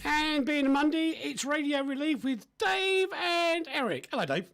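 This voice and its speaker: A man presenting a radio show, teasing his co-host in lively banter. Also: very high voice, unhurried, vocal fry, faint music behind.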